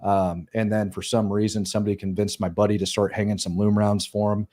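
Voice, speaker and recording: A middle-aged man, a former soldier, telling war stories casually in an animated, profane way. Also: lowish voice, a little fast. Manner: animated, profane, acts out quoted voices. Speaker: podcast guest, former Green Beret. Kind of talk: casual storytelling.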